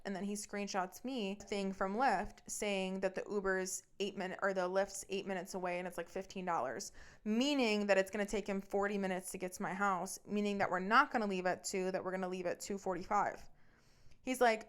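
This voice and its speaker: A woman's voice: medium pitch, fairly even intonation, fairly quick, clear, resonant tone. Blunt, profane young woman telling a story. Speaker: podcast host. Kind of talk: casual storytelling monologue.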